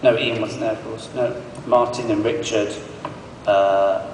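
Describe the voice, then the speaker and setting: A male actor on a convention panel, telling an animated story and acting out the quotes. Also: lowish voice, unhurried. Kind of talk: anecdote told to an audience. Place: large convention hall. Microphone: phone recording from the audience. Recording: echoey hall from far off, faint noise.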